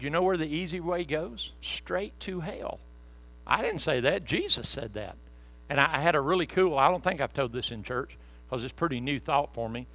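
Forceful, folksy preacher man. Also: mid-range voice, low-quality recording. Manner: folksy, conversational, joking asides. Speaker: pastor. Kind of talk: sermon.

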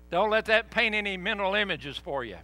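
A middle-aged man preaches to his congregation with folksy stories and laughing asides. His voice sits high and swings widely, with a bright, forceful edge. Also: lively intonation, normal speed, faint music behind. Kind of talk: storytelling sermon. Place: church sanctuary.

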